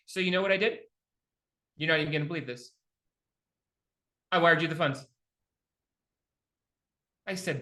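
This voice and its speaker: A man's voice: a little high, normal speed, pauses often, sharp tone. A middle-aged man coaching a live online class on real estate investing, telling stories and acting out both sides of his phone calls. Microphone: video call.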